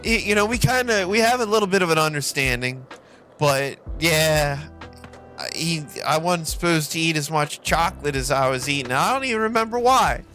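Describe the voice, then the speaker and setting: Playing a game on stream, a man rambles and jokes in casual conversation, swearing heavily. His voice is fairly high in pitch and sharp in tone.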